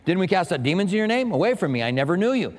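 A man's voice: high voice, very animated, very fast. A man preaching a sermon as pastor, teaching with asides and light humor to the congregation. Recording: long hall reverb.

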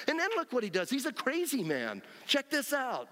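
A man preaching a lively, animated sermon as pastor, acting out scenes and whooping with joy. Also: very high voice, normal speed, hardly any pauses. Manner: animated, acts out scenes, frequent shouts of joy. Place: church sanctuary. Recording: long hall reverb.

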